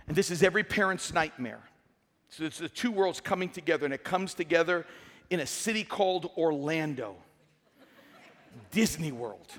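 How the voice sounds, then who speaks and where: Middle-aged male pastor, emphatic storytelling sermon, slightly high voice, big hall reverb. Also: a bit bright. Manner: emphatic, repetitive, storytelling preacher.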